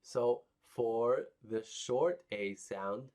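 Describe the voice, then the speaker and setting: A man leads a children's phonics lesson, patient and encouraging as he models each sound. He speaks very slowly and clearly, in a mid-range voice. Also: medium pitch, animated, a little mellow. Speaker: children's English phonics teacher. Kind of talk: teaching young learners.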